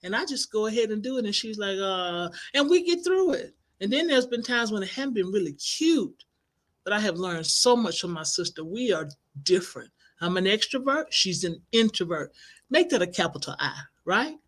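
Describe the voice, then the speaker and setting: A middle-aged woman, a life coach and minister, telling inspirational stories in an animated, expressive way. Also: mid-range voice, normal speed. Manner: animated, expressive, acts out quoted voices. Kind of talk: inspirational storytelling broadcast.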